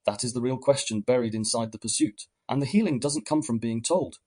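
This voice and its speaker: A man hosting a podcast, giving measured, reflective scripted narration. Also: mid-range voice, a little mellow, breathy edge. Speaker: podcast host.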